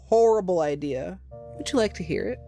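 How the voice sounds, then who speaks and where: A woman's voice: lowish voice, animated, fairly quick, mellow, faint music behind. A woman streaming live, chatting casually with silly, crude jokes. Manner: silly, crude, jokey asides. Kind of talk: casual livestream chat.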